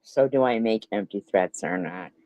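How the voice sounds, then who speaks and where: A woman's voice: a bass voice, lively intonation, moderate pace, dark tone, no room sound, low-quality recording. A woman giving angry, profane reaction commentary, ranting and hurling insults back at a clip she is watching. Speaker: commentary streamer.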